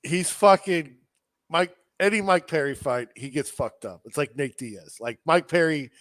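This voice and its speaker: A man's voice: on the high side, a little slow, no room sound. A man co-hosting a podcast, telling a story in casual chat, swearing often and acting out what people said. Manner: animated storyteller, swears a lot, acts out quotes. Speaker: podcast co-host.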